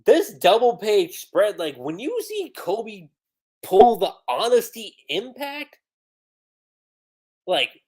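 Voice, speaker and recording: A woman streamer reviewing a comic in casual livestream chat, talking in an animated, slangy way and laughing often. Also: medium pitch, slow pace, pauses often, breathy edge.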